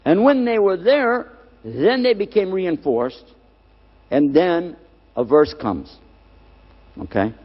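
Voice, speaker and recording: An older man preaching a lecture, animated, putting questions to the audience and repeating key words. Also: high-pitched, takes it slowly, long pauses, in a large hall, muffled recording. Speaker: Islamic preacher.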